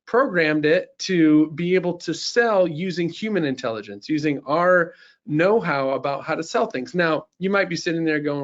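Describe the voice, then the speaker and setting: A man presenting a live software sales demo in a webinar, upbeat and salesy with lots of "you know" fillers. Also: on the high side, lively intonation, normal speed, highs cut off.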